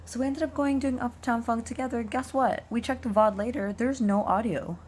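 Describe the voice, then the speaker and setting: A woman's voice: fairly high pitch, steady tone, brisk, darkish tone, a little hiss or hum. A young woman streamer from Canada, talking casually to her viewers in a rambling way while losing her voice. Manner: chatty, rambling, frequent ums and likes. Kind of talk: casual vlog talk to viewers.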